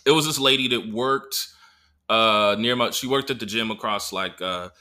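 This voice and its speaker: A man co-hosting a podcast, a comedian telling stories in an animated, profane, often laughing way. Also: fairly low pitch, moderate pace. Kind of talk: casual podcast chat.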